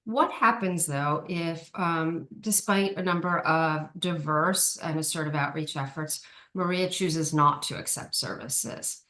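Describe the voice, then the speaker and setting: A woman's voice: deep voice, measured pace, bright, forceful tone. A woman giving an online training presentation, explaining steps carefully with frequent ums and small restarts. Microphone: video call.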